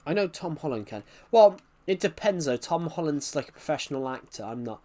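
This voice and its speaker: A man with a thick regional accent, chatting on a live game stream in a rambling, halting way with many restarts. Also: a little high, sing-song, a little mellow. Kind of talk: live-stream chat while gaming.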